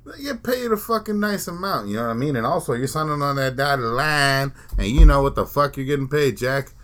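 A man's voice: mid-range voice, expressive, a little fast, fairly bright tone. A man hosting a casual podcast chat, profane and opinionated, often laughing.

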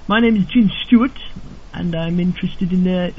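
Prank caller: a man playing a prim, high-voiced posh Englishman, polite and insistent; lo-fi audio. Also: moderate pace, natural voice. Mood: politely creepy. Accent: put-on posh English. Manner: overly polite, formal, insistent. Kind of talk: prank phone call. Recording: dull lo-fi recording with faint noise.

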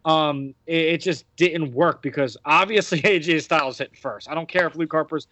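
Sharp in tone and a little high, this American podcast host speaks at a moderate pace in a dry recording. He chats casually about wrestling, rambling through many fillers and restarts.

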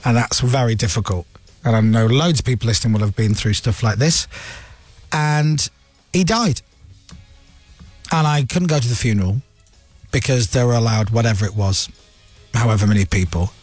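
A man's voice: mid-range voice, moderate pace, pauses often, darkish tone, no echo, faint music behind. A man hosting a radio talk show, giving his blunt opinions and mocking a politician. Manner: mocking, does voices of politicians. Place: radio studio.

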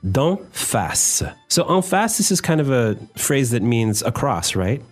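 Lively man hosting a language lesson. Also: medium pitch, unhurried, faint music behind. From North America. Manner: laughs often, asks leading questions. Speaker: podcast host.

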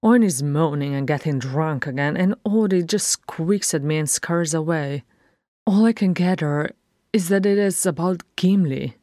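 A woman's voice: low voice, moderate pace, dark tone, no room sound, studio quality, natural voice. A woman reading an anxious young dwarf prince. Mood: urgent. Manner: urgent, questioning. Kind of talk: audiobook fan fiction reading.

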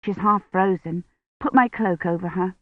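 A woman voicing a caring young woman who speaks gently and soothingly. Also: on the low side, normal speed, dry recording, close to an everyday voice. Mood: anxious. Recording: dry, tinny phone-like sound.

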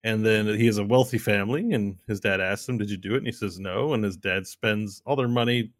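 A man co-hosting a podcast, explaining things in a relaxed way with fillers. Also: lowish voice, brisk, dry recording, studio quality. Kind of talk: casual chat.

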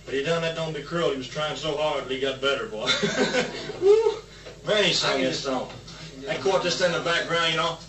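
A man's voice: a little high, brisk. A man tells a casual anecdote, laughing often and singing snatches of songs as he goes. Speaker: storyteller recalling a singer. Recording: echoey distant archive recording with music.

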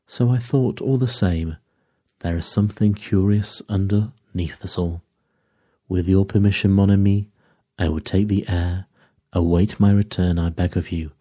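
A man's voice: low-pitched, unhurried, mellow, dry recording, clean studio sound. A man voicing a fussy, courteous little male detective who drops French phrases and speaks dryly. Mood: animated.

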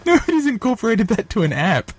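A man in casual chat among friends, pitching ideas insistently and swearing freely. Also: quick pace. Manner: animated, swearing, acts out drunk friends in quotes.

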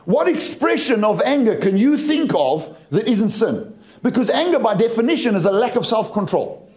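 A man's voice: high-pitched, very animated, moderate pace, a little mellow. A man from England preaching a sermon, storytelling with humor to a church. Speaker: pastor.

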